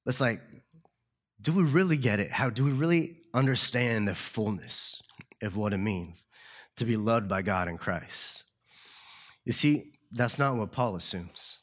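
A man preaching a sermon as pastor, earnest and slowing down to stress key words. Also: on the low side, expressive. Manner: earnest, slows down for emphasis.

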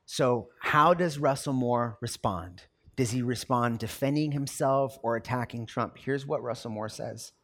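A man's voice: mid-range voice, measured pace, a bit bright. A man preaching a sermon as a pastor, talking conversationally and acting out everyday quotes.

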